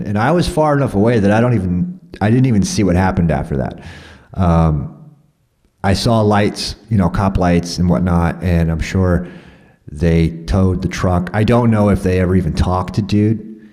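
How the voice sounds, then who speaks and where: A man's voice: sits low, moderate pace, dark tone. A man telling a rambling personal story in a profane, conversational way, full of fillers and restarts.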